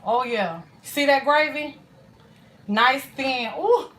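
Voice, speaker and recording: A woman's voice: a little high, moderate pace, fairly bright tone. A woman chatting folksily while cooking on a live stream, calling her viewers child and honey. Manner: folksy and chatty, full of endearments.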